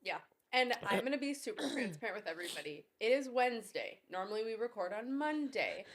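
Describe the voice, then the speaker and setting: Young woman, higher pitch, upbeat candid podcast co-host, slight background noise. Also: expressive, a little fast, a bit bright. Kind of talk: casual chat.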